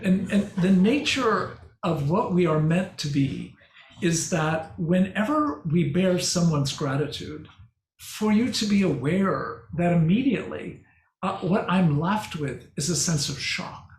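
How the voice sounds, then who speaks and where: An older man giving a conference talk and answering questions, speaking slowly and reflectively with halting restarts. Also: high voice, animated. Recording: echoey hall with faint noise.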